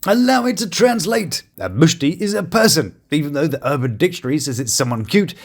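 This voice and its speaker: A man's voice: on the high side, expressive, a little fast, vocal fry. A man hosting a comic review show, narrating with sarcastic, jokey commentary. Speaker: YouTube show host and reviewer.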